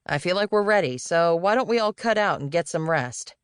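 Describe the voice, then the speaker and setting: A breezy middle-aged male executive, played by a woman reading an audiobook, casual and easygoing. The voice sits low and even, close and dry. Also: brisk, clear, resonant tone, dry recording, natural voice.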